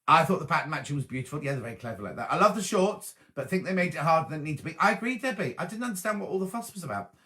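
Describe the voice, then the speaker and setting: A man's voice: fairly high pitch, expressive, very fast, few pauses, sharp tone. A man hosting a casual live stream, chatting and reading viewer comments aloud and answering them. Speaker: host reading live chat.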